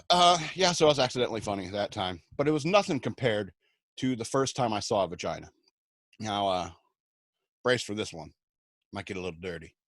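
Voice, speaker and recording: A man's voice: fairly low pitch, no room sound. A man on a radio show, telling self-mocking comic anecdotes and acting out the quotes along the way. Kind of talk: comic storytelling.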